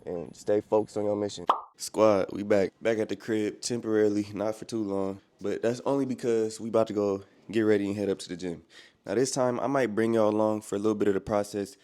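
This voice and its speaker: A man's voice: fairly low pitch, fairly even intonation, fast talker, dark tone. A man in his twenties vlogging casually about his day trades, slangy and easygoing, calling viewers bro. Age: 20s. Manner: laid-back slang-heavy talk, calls viewers bro. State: a little out of breath. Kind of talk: casual vlog with market updates.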